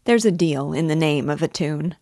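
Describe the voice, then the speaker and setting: Woman reading a soft-hearted old gentleman, homely talk, low voice, dry sound. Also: moderate pace, dry recording. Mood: fond. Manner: homely, reminiscing.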